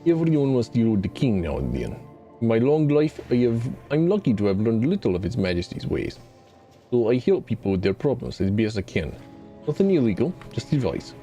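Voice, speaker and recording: A man's voice: medium pitch, sing-song, mellow, soft background music, close to an everyday voice. Man doing a cryptic old-world fortune teller. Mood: soothing. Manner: drops articles, slow mystical lilt. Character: mysterious middle-aged fortune teller, gently cryptic.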